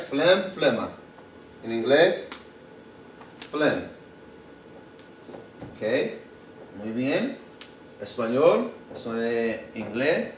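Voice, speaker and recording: In a loose class for health workers, an English-speaking man walks through medical Spanish terms, saying them again, spelling them out, and reasoning aloud. The roughly recorded mid-range voice comes from a distant mic, echoing, with a little hiss or hum.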